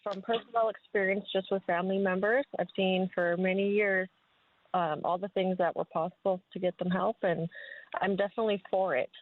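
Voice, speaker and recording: A woman's voice: medium pitch, fairly even intonation, brisk, no echo. A woman phones in to a radio talk show and speaks earnestly. She halts often to restart a thought. Her voice comes through a tinny phone line with a dry sound. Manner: earnest, with many fillers and restarts. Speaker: caller. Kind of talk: phone-in opinion.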